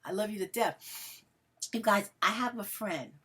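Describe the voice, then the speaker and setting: A woman's voice: mid-range voice, unhurried, pushed and bright, husky. A woman vlogging to her followers in a casual, emotional monologue, calling herself melodramatic and talking to viewers as family. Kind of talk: casual direct-to-camera monologue.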